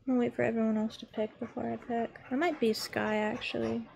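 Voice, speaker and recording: A young adult woman chats on a live game stream, playful and talkative, swearing freely and coaxing her pet between rounds. Her voice is on the high side, level in tone, fast, creaky, and a little mellow, with a little hiss or hum in the audio.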